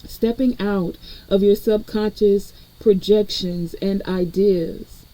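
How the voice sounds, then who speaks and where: Brief: woman spiritual reader, very mellow dark tone, chatty and direct with viewers. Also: mid-range voice, steady tone, takes it slowly, poor audio. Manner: conversational, addresses viewers directly. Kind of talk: collective spiritual reading.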